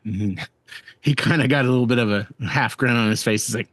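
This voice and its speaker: Profane, animated man telling a story. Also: lowish voice, brisk, dry recording. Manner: profane, animated, rambling with restarts. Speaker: guest storyboard artist. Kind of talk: casual storytelling interview.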